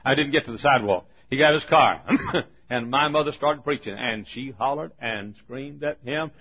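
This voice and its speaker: In a dull, lo-fi sermon recording, an older man tells stories folksily, chuckling and restarting often. His mid-range voice has a breathy edge, and he speaks at a normal speed.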